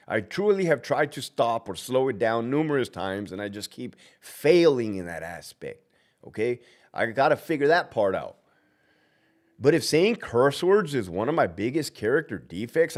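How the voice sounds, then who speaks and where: A man who works as a prison officer, chatting on a live stream and answering viewers bluntly with constant swearing. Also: mid-range voice. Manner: talks back to viewers' comments. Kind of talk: casual live-stream chat.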